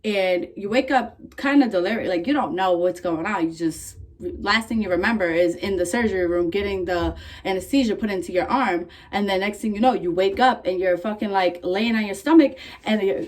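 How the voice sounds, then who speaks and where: A young woman vlogging, casually telling a story in a candid, profane, animated way, full of "like" fillers. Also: medium pitch, moderate pace, hardly any pauses.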